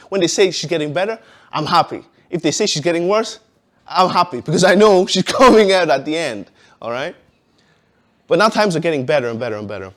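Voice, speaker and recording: A man giving a personal testimony in a casual, conversational way, with many "you know"s and frequent laughs. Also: a little high.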